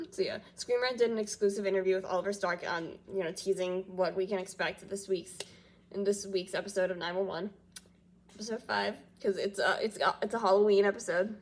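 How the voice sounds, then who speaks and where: A woman's voice: medium pitch, fairly even intonation, normal speed. A woman hosting a reaction channel, chatting casually at home, rambling with lots of fillers and restarts. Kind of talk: rambling casual chat to camera. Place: small echoey room at home. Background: faint household noise, dog in background.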